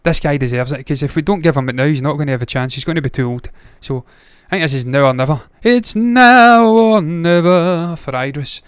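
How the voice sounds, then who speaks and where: A man's voice: mid-range voice, fairly even intonation, racing, hardly any pauses, no room sound, studio quality. A man hosting a movie news livestream, giving blunt, opinionated takes with frequent swearing. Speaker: movie news show host. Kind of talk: casual livestream commentary.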